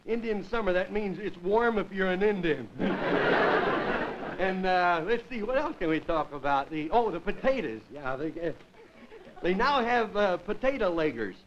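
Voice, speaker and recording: A man's voice: sits high, expressive, measured pace, a crowd in the background. A comedian man from the United States, telling a rambling stand-up monologue to a studio audience and chuckling at his own jokes. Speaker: comedian host. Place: television studio with live audience. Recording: dull lo-fi 1950s television audio with faint hiss.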